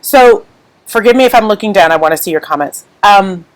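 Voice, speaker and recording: A woman chats unscripted to her live-stream viewers from home, her talk candid and wandering. She sounds emotional and on the edge of tears. Her voice sits at an ordinary middle pitch. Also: animated, fairly quick, poor audio. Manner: candid, rambling, emotional, fighting back tears. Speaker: craft artist hosting a live stream.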